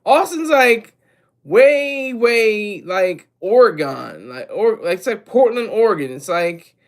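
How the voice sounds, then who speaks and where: High-voiced man rambling on a livestream. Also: slow pace. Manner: energetic and rambling, with restarts and asides to chat. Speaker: livestream host. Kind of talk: casual livestream commentary.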